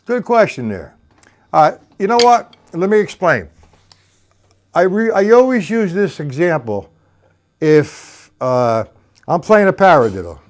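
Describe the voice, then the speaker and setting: A man's voice: high-pitched, big pitch swings, unhurried, pauses often, slight background noise. A man giving a live-streamed drum lesson, counting beats aloud and talking to viewers by name. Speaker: drum teacher.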